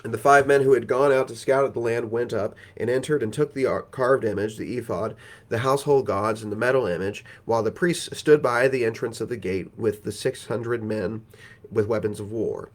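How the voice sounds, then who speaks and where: A man's voice: mid-range voice, normal speed. A man reading scripture aloud and retelling it in a conversational, folksy way as a Bible teacher. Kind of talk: scripture reading with casual commentary.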